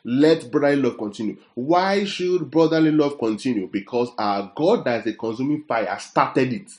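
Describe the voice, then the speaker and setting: A man's voice: mid-range voice, a little mellow. Man preaching a sermon in an echoey room. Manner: rhetorical questions to the congregation; reads scripture aloud slowly.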